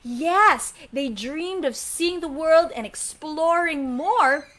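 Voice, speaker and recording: A woman telling a story live to children, animated and coaxing them to repeat lines. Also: high-pitched, slow. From Philippines.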